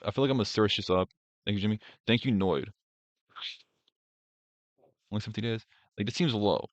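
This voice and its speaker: Deep-voiced young man ranting on stream. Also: brisk, no room sound. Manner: rambling, profane, mocking, with filler words. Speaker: streamer host. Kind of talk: casual reaction stream commentary. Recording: dry, dull lo-fi stream audio.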